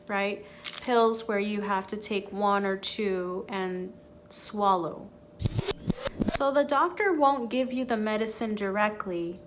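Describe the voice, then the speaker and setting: A young American woman teaching English vocabulary, slowly repeating each key phrase twice. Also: a little high, a little hiss or hum. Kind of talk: slow, clear English lesson.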